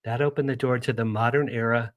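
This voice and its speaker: A man's voice: mid-range voice, fairly even intonation, fast, no room sound. A talkative man chats eagerly as a radio guest in a middle register. He rambles and restarts his sentences, and his voice is dry and close. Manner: chatty, enthusiastic, rambling with restarts. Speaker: guest, publicist. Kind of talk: casual radio interview chat.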